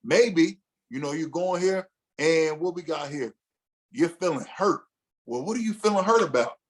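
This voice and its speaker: A man's voice: a little high, normal speed. A man leading a casual teaching session for a men's group, talking loosely with restarts and acting out what a husband might say to himself. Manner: conversational, loose, with frequent restarts and acted-out inner dialogue.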